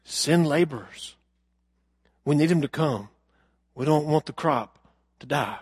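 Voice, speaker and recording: A man preaching a sermon, telling a story earnestly and asking the congregation questions, moving from loud emphasis to hushed lines. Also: fairly high pitch, a little slow, breathy edge, no echo, studio quality. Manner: addresses the congregation directly with questions. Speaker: pastor.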